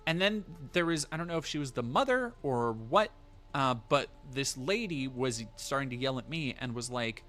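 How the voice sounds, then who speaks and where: A man's voice: medium pitch, lively intonation, normal speed, bright, forceful tone, faint music behind. Rambling, profane man telling a story. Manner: rambling, profane, lots of fillers and restarts. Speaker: streamer. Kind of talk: casual storytelling on a livestream.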